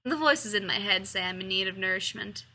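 A woman's voice: mid-range voice, expressive, a little fast, sharp tone. A woman voicing a brash, hungry nineteen-year-old young man with a cheeky, defiant way of talking.

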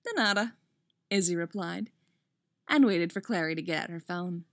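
A woman's voice: on the low side, moderate pace, no echo, studio quality. A woman reading a romance story aloud, breaking in with startled asides and swearing as she reads. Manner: expressive, blurts asides and swears mid-read. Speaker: reader. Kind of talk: reading fan fiction aloud with reactions.

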